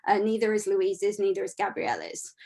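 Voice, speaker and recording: A woman's voice: mid-range voice, sing-song, moderate pace, a little mellow. A woman speaking on an online panel about her work as a repertoire consultant, earnest and a little rambling, heard over a video call.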